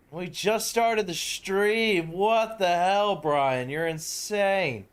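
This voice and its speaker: A man live-streaming a strategy game, chatting casually with viewers and breaking into loud, shocked exclamations. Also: high voice, drawn-out words, few pauses, clean tone.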